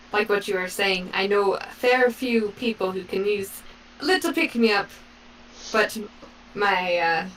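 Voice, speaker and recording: A woman's voice: medium pitch, a bit bright, distant mic, a little hiss or hum, poor audio. A woman player talking in character in a tabletop game, sassy and exasperated. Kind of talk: in-character role-play.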